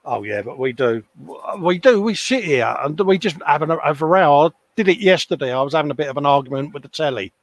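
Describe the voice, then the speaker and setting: A man's voice: a little high, lively intonation, brisk, few pauses, no echo. Chatty older man, laughing. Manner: chatty, laughs often, reads out viewer comments. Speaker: co-host. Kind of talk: casual livestream chat. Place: home workshop.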